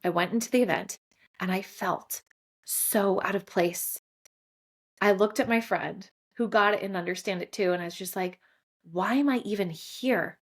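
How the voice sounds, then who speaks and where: A woman's voice: mid-range voice, fairly even intonation, moderate pace. A woman in her forties hosts a solo podcast, telling her story openly and with feeling. Her speech is loose and conversational, full of small fillers, and at moments she sounds close to tears. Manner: candid, emotional storytelling with many fillers. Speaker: podcast host.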